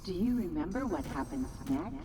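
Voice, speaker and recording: An actress voicing a sweet female bedtime storyteller in a video game, telling a story in a slow, sing-song storybook way. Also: lowish voice, animated, close to an everyday voice. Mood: soothing, sing-song. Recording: game audio with music underneath. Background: music.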